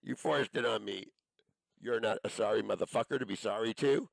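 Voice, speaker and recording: A man's voice: on the low side, fairly quick, creaky, dry recording, poor audio. A man delivering an angry, profane monologue, accusing and cursing as he rambles from one charge to the next.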